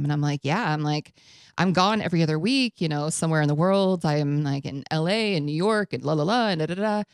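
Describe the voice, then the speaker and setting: Eine Frau, Moderatorin einer Radiosendung, die locker und lebhaft eine persönliche Geschichte erzählt und Zitate mit Lachen nachspielt. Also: female voice, on the low side, fairly quick, clear, resonant tone, no echo. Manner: animated, acts out quotes with laughs. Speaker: radio show host. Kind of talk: casual storytelling chat.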